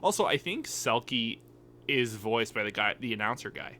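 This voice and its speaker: A man's voice: medium pitch, lively intonation, moderate pace, pushed and bright, slight background noise. A man co-hosting a casual anime podcast, rambling and hesitant, often trailing off and starting again. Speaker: podcast co-host. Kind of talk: casual chat.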